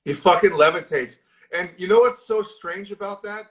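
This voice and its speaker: A man co-hosting a casual horror movie chat, retelling scenes excitedly and swearing constantly. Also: high-pitched, moderate pace. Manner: excitable, profane, storytelling with lots of swearing. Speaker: horror movie discussion co-host. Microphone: live social video stream.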